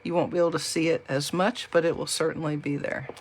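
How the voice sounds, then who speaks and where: Fast and steady, her deep voice carries a live card-making demonstration. The Southern US crafter chats with viewers and jokes as she works.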